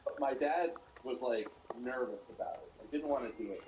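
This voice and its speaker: An American man co-hosting a podcast, telling stories in a lively, casual way, swearing often and jumping into exaggerated mock voices. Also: echoey room, recorded from a distance, a little hiss or hum, low-quality recording. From United States. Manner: animated storytelling, quick swearing, jumps into high mock voices. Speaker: podcast co-host.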